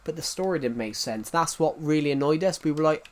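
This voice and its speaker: Young man, gaming streamer, rambling casual chat, voice on the higher side. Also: animated, fairly quick, few pauses. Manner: rambling, many restarts and fillers, chatting to viewers.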